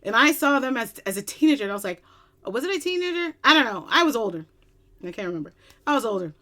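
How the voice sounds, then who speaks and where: A woman from Long Island, chatting casually as a music reaction vlogger at her computer, excitable and giddy, with bursts of squealing. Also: medium pitch, quick pace. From Long Island, New York. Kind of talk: casual chat.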